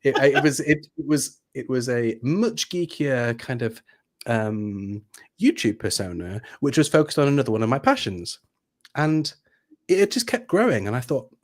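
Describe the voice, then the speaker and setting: A man's voice: medium pitch, expressive, moderate pace. A man with a British accent, an executive coach, telling his story thoughtfully in a livestream interview with hesitant restarts.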